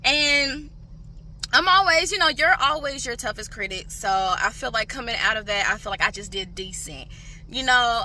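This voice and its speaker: Young woman vlogger, bright and a bit high, chatty and direct with viewers, casting for a beauty channel. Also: a little hiss or hum. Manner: chatty, filler-heavy, addresses viewers directly. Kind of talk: casual vlog chat. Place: parked car.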